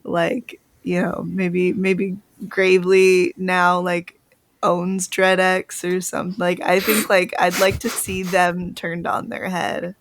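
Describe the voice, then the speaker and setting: A woman's voice: fairly low pitch, completely flat delivery, takes it slowly, no echo. A woman chatting casually in a group, laughing as she goes, with lots of loose filler words.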